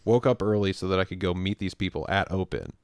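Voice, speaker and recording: A man's voice: sits low, fast talker, smooth, dry recording, studio quality. A man co-hosting a podcast, telling a story in casual chat and acting out the quoted lines with lots of laughs. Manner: animated, acts out quoted lines, laughs often. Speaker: podcast co-host.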